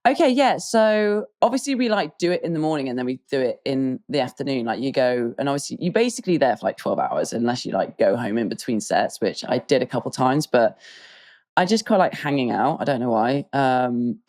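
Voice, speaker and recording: A woman's voice: extremely low pitch, expressive, a little fast, darkish tone. A woman with a British accent co-hosting a podcast in rambling casual chat, full of fillers. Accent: British English. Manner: rambling, filler-heavy with frequent "like" and "um". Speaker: podcast co-host.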